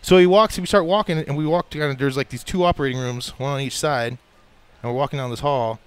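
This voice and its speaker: An American man telling a long story as a radio show guest, animated and laughing often as he acts out the voices of people in it. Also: medium pitch, fast, clear, resonant tone. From United States. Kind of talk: casual storytelling.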